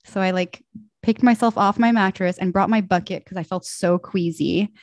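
A young woman telling a personal story in casual podcast chat, animated and acting out quoted voices. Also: mid-range voice, normal speed, no echo, clean studio sound. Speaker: podcast guest.

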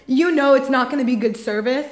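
A woman's voice: high voice, brisk, rough recording. A young woman vlogger telling a story to camera in a chatty, exasperated way, filling her talk with "like". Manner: chatty and exasperated, heavy use of "like".

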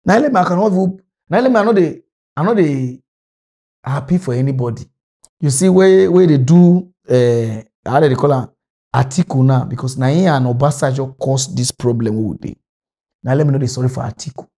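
This political commentator, a man from Delta State, Nigeria, has a mid-range, mellow voice with lively intonation and speaks a little fast. In a Nigerian Pidgin accent, he rants passionately about politics, agitated and scolding.

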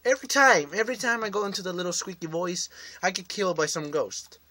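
A man's voice: high voice, fast talker, pushed and bright. A man hosting a let's-play video, rambling and joking to his viewers as he plays. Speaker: gaming video host. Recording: noisy home recording.

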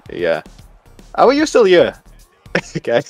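A man with a high, hugely animated voice commentates his own wrestling game. He is excitable, yelling move names and swinging from quiet mutters to shouts. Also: moderate pace, music in the background. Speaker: gamer. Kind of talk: excitable let's-play commentary.

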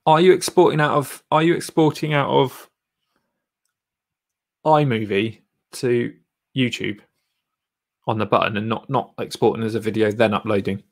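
A man with a voice of ordinary pitch hosts a live channel review. He talks loosely and encouragingly, with plenty of ums and restarts. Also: moderate pace, long pauses, darkish tone. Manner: rambling, filler-heavy, encouraging. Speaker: YouTube channel coach and host.

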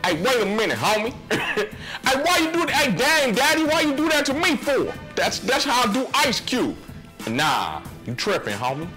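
A man putting on a gruff streetwise rapper, pitched high. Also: sing-song, moderate pace, bright, forceful tone, faint music behind, exaggerated voice. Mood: indignant. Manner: slangy, exclaiming. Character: gruff West Coast male rapper, streetwise.

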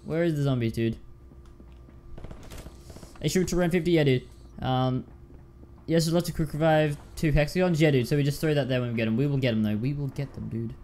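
A man's voice: fairly high pitch, fairly even intonation, a little fast, pauses often, darkish tone, slight background noise. A man giving casual commentary while playing a video game, repeating himself and calling listeners dude and man. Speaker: gaming YouTuber.

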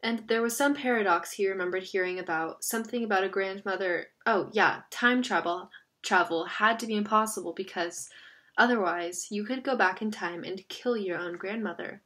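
A woman narrating a novel aloud in an expressive, steady reading style. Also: medium pitch, normal speed. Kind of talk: audiobook reading.

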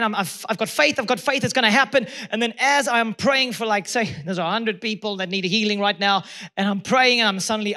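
A man's voice: sits high, bright, forceful tone. A pastor man preaching a sermon, driving his points home with emphatic repetition. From South Africa.

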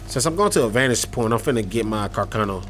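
Rambling gamer commentating gameplay. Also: male voice, fairly low pitch, expressive, fast talker, fairly bright tone, soft background music. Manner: rambling, many fillers and restarts, addresses viewers directly. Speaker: gaming YouTuber.

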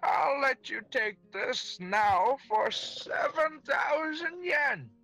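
A man's voice: extremely high pitch, animated, takes it slowly, pushed and bright, soft background music, voice pushed up, full character voice, low-quality recording. A man voicing an elderly antique shopkeeper with a hammy fake Italian-New York accent, in comic let's-play voice acting. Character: elderly male antique shopkeeper, shifty salesman.

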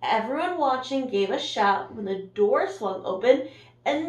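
A woman's voice: a little high, animated, a little slow, reverberant, recorded from a distance. A woman teacher reading a picture book aloud to her class in a storytime voice, gasping and asking the children questions. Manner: warm, sing-song, gasps and asks the listeners questions.

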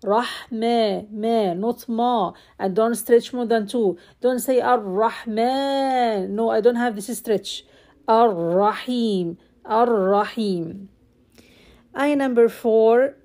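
Slow, mellow-voiced woman teaching recitation. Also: fairly high pitch, fairly even intonation. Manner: slow, drawn-out, corrective, repeats sounds.

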